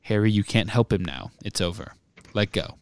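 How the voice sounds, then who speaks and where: A man reading aloud and voicing a calm, very old headmaster with soft, steady speech. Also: fairly low pitch, moderate pace, no room sound. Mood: gentle.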